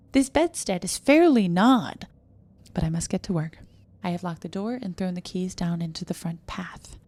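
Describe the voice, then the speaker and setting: Woman reading a story in whispers and outbursts. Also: lowish voice. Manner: slips between hushed whispers and sudden emphatic outbursts. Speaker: audiobook reader. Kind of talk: reading a classic short story aloud.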